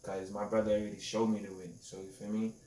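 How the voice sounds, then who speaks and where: A man's voice: fairly low pitch, flat delivery, fast, mellow. A man in his twenties hosting a podcast, telling stories casually in street slang and often asking if you feel him. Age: 20s. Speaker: podcast host. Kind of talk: casual storytelling chat. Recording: roomy echo, distant mic, faint noise.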